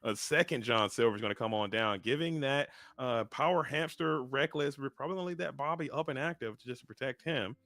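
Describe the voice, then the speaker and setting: A man casting a live trading card game match in a quick, chatty way, joking between plays and restarting his sentences. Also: mid-range voice, fairly bright tone, dry recording. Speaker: caster.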